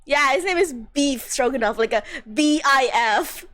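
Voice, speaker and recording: A woman's voice: high-pitched, expressive, moderate pace, fairly bright tone. A woman streamer chatting casually and playfully while reading a game, laughing often. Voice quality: giggly, playful.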